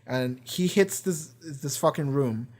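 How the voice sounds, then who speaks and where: A man hosting a reaction channel, retelling an episode in a rambling, profane and excited way, full of fillers. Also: a little high, slow pace, slightly rough. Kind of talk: casual episode recap and discussion.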